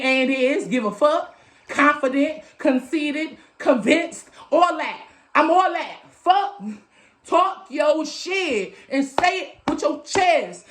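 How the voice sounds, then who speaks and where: A woman with a high voice gives a casual motivational tarot reading, loud and emphatic, with plenty of swearing. She talks into a phone. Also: a little hiss or hum. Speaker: tarot reader.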